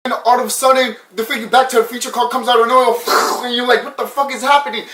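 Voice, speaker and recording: Excitable swearing man reviewing a film. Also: very high-pitched, quick pace, background noise. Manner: excitable, swears often, laughs a lot. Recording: echoey room, mic at a distance.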